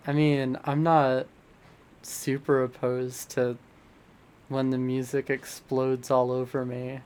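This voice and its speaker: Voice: medium pitch, a little mellow. A streamer chatting casually with viewers between songs, making dry, joking asides.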